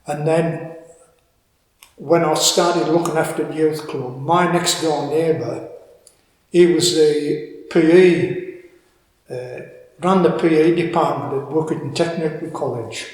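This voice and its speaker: Older man, Cumbrian accent, interview storytelling, halting, repeats words, heavy room echo. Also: on the high side, steady tone, a little mellow. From Cumbria, England. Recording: echoey room with long reverb.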